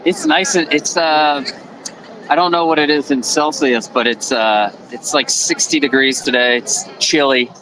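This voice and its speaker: A man's voice: on the high side, steady tone, measured pace, a crowd in the background, rough recording. A man co-hosting a casual live stream, easygoing and a little hesitant, often restarting his sentences.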